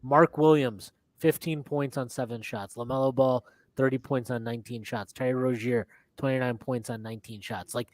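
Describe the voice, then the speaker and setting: A man co-hosting a casual sports podcast, animated as he reads box scores and mocks players in quick impressions. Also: mid-range voice, no room sound. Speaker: podcast co-host.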